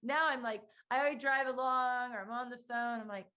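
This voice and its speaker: A woman's voice: a little high, moderate pace, bright, forceful tone. A woman hosting a conversation, chatty and hesitant, full of fillers as she tells a story. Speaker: host. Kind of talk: conversational interview.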